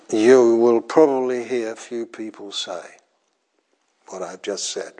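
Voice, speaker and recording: An older man preaching a sermon in a slow, deliberate way, pausing often and repeating phrases for weight. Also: mid-range voice, dark tone.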